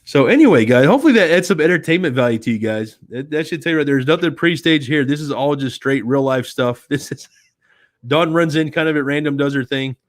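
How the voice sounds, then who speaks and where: A man's voice: a little high, lively intonation, fairly quick, no echo. A man hosting a casual live stream from a home studio, chatting loosely and talking to his cat now and then into a desk microphone. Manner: rambling, chatty, talks to his cat in a soft baby voice. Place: home studio with softbox light. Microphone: desk microphone on a stand.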